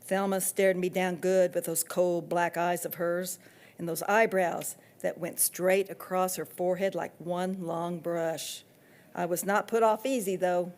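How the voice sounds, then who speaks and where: A woman author reading from her own novel with steady, expressive storytelling. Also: on the low side, unhurried.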